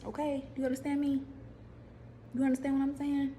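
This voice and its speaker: A woman, casually preaching to viewers in a vlog, animated, repeating herself and putting questions to the audience. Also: sits high, fairly quick, slight background noise. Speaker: faith vlogger.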